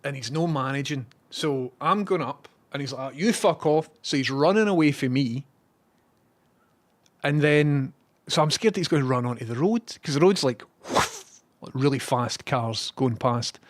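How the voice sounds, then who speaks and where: A man's voice: mid-range voice, animated, normal speed. A man with a Scottish accent, a live streamer telling a rambling story and reading out viewer messages.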